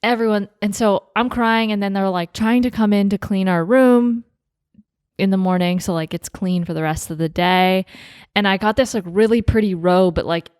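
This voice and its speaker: A young woman tells a story in a loose, animated way, filling her sentences with "like" and breaking into laughs. Her voice sits at an ordinary middle pitch. She is recorded close and dry, with no room sound. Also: normal speed, clean tone, no echo. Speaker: podcast co-host telling her wedding story. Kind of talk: casual chat.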